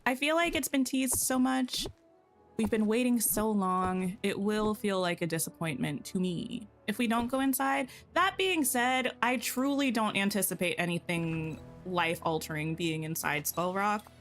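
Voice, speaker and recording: A woman's voice: mid-range voice, a little slow. Woman game streamer, casual and playful, talking through her choices, faint music underneath. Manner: chatty, thinks aloud, playful asides. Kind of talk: casual livestream chat while playing.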